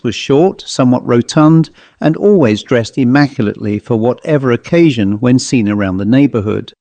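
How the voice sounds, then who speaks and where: A man narrating a ghost story in a measured, formal storytelling manner. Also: medium pitch, a little mellow, no echo. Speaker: narrator and author.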